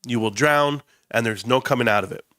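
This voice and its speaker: A man from Indio, California hosts a casual stock market livestream with a stuffed-up nose, rambling emphatically and restarting often. His voice is mid-range, a little fast and sharp-toned. The audio is studio quality with no echo.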